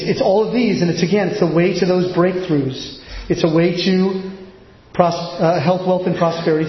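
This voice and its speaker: A man preaching a sermon, animated and pressing his points with rhetorical questions. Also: a little high. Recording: echoey hall, dull lo-fi sound with faint noise.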